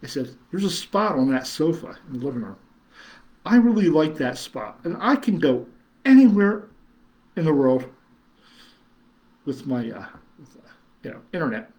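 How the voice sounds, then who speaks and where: A middle-aged man, hosting a casual livestream and reading chat comments in a rambling, chuckling way with many fillers. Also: fairly high pitch. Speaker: horror host reading live chat.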